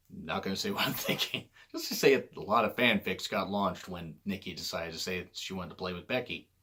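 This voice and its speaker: A man giving casual solo commentary on wrestling, rambling and correcting himself, often clearing his throat. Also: mid-range voice, fairly bright tone.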